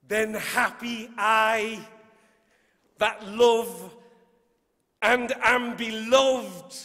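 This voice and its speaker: A man with a Manchester accent reading a sonnet aloud on stage, with a measured, emphatic delivery. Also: sits high, steady tone, bright, forceful tone. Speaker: poet and reader. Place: large concert hall on stage. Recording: long reverb of a large hall.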